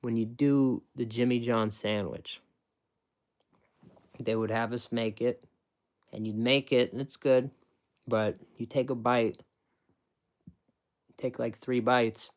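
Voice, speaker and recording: With a steady, medium-pitched voice, this former sandwich shop worker takes his time and pauses often. He explains making sandwiches casually and step by step, emphatic, repeating things and restarting a lot.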